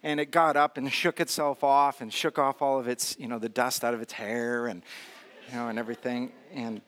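A man's voice: mid-range voice, a bit bright. A man preaching a sermon in a conversational, storytelling way, with humor and frequent filler words. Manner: storytelling with humor and self-deprecation. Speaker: pastor.

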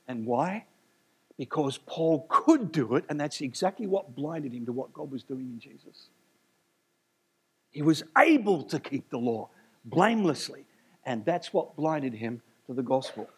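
A man preaching a sermon, animated and emphatic, with jokes and asides. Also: a little high, slightly rough.

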